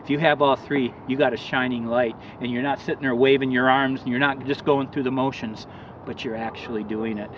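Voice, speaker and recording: A man giving an earnest motivational talk about recovery, telling a parable and acting out the shouts in it. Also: medium pitch, fairly even intonation, a little fast, recorded from a distance, lo-fi sound, noisy background. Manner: earnest, acts out shouts in his story. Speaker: recovery counselor.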